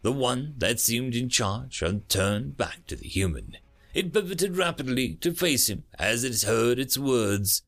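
A man's voice: measured pace, soft background music. A man narrating a science fiction short story as an audiobook reader, reading expressively. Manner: expressive reading with lively pitch.

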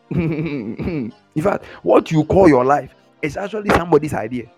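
A man's voice: a little high, moderate pace. Guy preaching, mocks folks, chuckles a lot, faint music behind. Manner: animated, mocking mimicry, frequent chuckles. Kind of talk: sermon.

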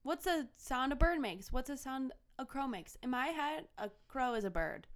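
A woman's voice: sits high, moderate pace. A young woman co-hosting a podcast in giggly, playful casual chat. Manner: giggly, playful, lively delivery. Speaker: podcast co-host.

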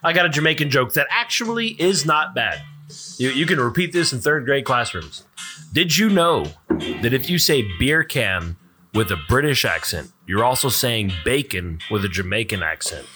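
A man with a bright, forceful voice that swings widely in pitch as he riffs and jokes. He talks casually and swears freely, co-hosting a loose podcast chat. Faint music sits under him. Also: normal speed. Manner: animated, swearing, tells corny jokes. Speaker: podcast co-host.

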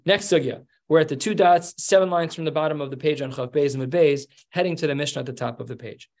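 A man's voice: on the high side, quick pace, a little mellow. Man teaching a Talmud class. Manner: explains step by step, acts out quoted lines. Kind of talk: Talmud lesson.

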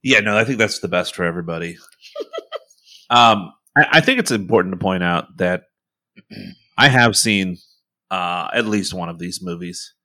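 Man, lowish voice, bright and forceful tone, wry, hesitant, joking. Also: moderate pace, pauses often. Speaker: panelist. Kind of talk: casual podcast chat.

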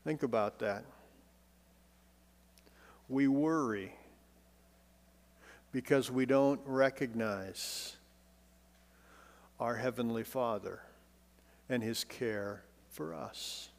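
A male pastor giving a sermon in a conversational way with light humor, swinging between emphatic lines and hushed, soft ones. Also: mid-range voice, extremely slow, vocal fry, long pauses. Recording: long reverb, as in a hall.

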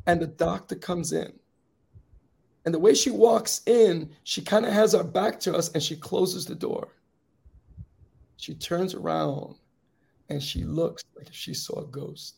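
Gravelly-voiced man telling a heartfelt story. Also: a little slow, long pauses. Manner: earnest storyteller, quiet and grave at low points, rising to rousing encouragement. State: slightly raspy. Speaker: guest speaker.

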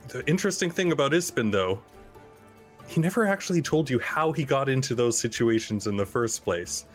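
A man playing a tabletop game, giving an in-character eulogy in a halting, earnest way with many fillers. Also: mid-range voice, expressive, faint music behind. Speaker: player.

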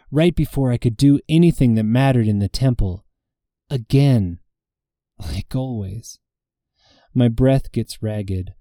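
Deep, mellow man reading fantasy fiction. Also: no room sound, clean studio sound. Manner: measured, intimate storytelling, dialogue voiced in character. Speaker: audiobook narrator. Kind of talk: first-person fantasy fiction narration.

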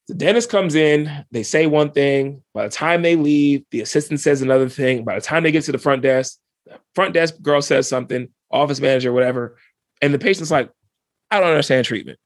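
A male dentist as a podcast guest, telling stories in a relaxed, slangy way and acting out his patients' lines. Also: on the high side, no room sound. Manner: lively, acts out patient dialogue in quoted voices; laid-back, slangy. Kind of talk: casual interview storytelling.

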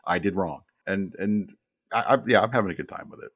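A man's voice: fairly low pitch, fast, fairly bright tone, no room sound, clean studio sound. A man in his fifties, a podcast guest telling stories in a rambling, casual way and often repeating words as he starts a sentence. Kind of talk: casual storytelling chat.

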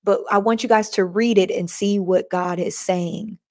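A woman's voice: medium pitch, steady tone, moderate pace, a little mellow. A woman hosting a casual faith podcast live stream, chatting with listeners and reading their comments aloud.

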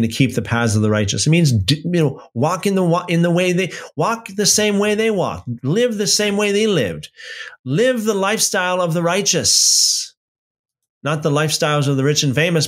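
A man leading an evening Bible study, reading scripture aloud and adding conversational comments with frequent restarts. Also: fairly high pitch. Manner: slow, deliberate reading with conversational asides and restarts.

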